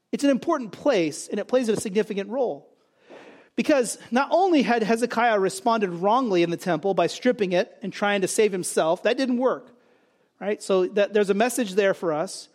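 A man's voice: sits high, animated, brisk, a little mellow. A man preaching a sermon, emphatic, asking and answering his own rhetorical questions. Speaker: pastor.

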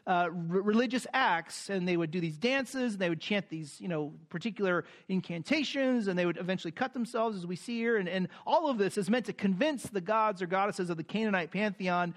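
Guy with a high voice preaching, um-ing through the explanations, reading bible verses with a lot of push. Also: brisk, few pauses. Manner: explains scripture with fillers, reads verses with rising emphasis. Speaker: pastor. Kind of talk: sermon.

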